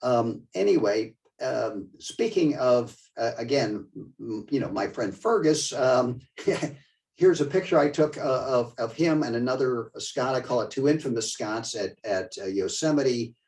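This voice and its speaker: An older man giving a conversational, digressive museum talk with slides, often halting mid-sentence. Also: medium pitch, animated, darkish tone, far from the mic, low-quality recording. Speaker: museum lecturer. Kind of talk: slide-show history talk.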